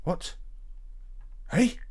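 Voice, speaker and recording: A man giving panicky, profane commentary while playing a horror game, gasping and swearing as he goes. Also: drawn-out words. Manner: swears a lot, jumpy, panicky shouts and gasps. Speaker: gaming video host. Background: faint game music.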